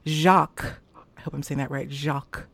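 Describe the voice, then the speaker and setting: A woman's voice: rumbling low, fairly even intonation, moderate pace, vocal fry, a bit bright, no room sound. A woman hosting a casual chat show, effusive and emotional as she thanks her guest and supporters. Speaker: host.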